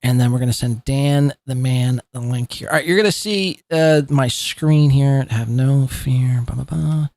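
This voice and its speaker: A man's voice: mid-range voice, unhurried, few pauses, a little mellow, no echo. A man hosting a live commentary podcast, talking in a profane, mocking and rambling way. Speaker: podcast host.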